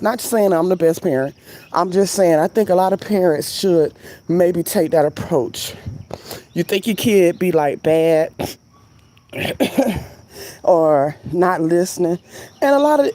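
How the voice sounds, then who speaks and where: Middle-aged woman, vlog host, warm low-ish voice, loose chatty storyteller. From Florida. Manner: chatty, animated storyteller who drifts off on tangents. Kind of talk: casual rambling chat. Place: at home.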